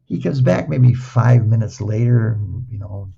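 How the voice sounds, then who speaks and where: A man's voice: fairly low pitch, expressive, unhurried, gravelly, warm tone, slightly rough, dull audio. An older man recovering from a stroke tells playful anecdotes, repeating words and acting out the dialogue. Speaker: guest. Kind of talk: casual anecdotal storytelling.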